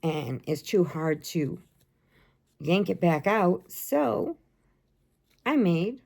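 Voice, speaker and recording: Chatty older woman with a gravelly voice. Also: lowish voice, very animated, drawn-out words, darkish tone. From Chicago area. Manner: chatty, rambling, laughs often. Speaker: crochet vlogger. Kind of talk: casual chat to camera.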